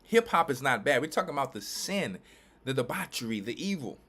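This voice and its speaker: A man from Louisiana and Texas, a church elder and pastor, giving emphatic, repetitive preaching commentary with quick restarts. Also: mid-range voice, very animated, bright, forceful tone.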